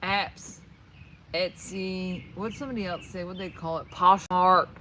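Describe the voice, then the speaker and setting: A livestream host with a New Jersey accent talks casually to viewers from outdoors with horses, rambling and laughing often. Her fairly low voice is bright and forceful, a little slow, with fairly even intonation and slight background noise.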